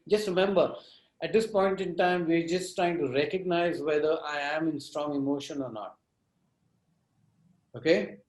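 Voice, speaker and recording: A man leading an interactive workshop on conflict, talking in a direct, animated and teasing way. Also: fairly high pitch, reverberant, low-quality recording. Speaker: workshop trainer.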